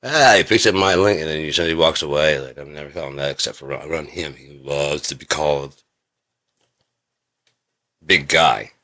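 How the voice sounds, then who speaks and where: A man's voice: very deep voice, moderate pace, long pauses, pushed and bright. A man talking in a rambling, swearing monologue, coughing often and acting out quoted voices. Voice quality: frequent coughing. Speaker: video creator.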